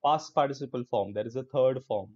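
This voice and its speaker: A man's voice: medium pitch, brisk, a little mellow, highs cut off. A young male online English teacher with an Indian English accent, teaching a live class in an upbeat, encouraging way and slipping into Hindi.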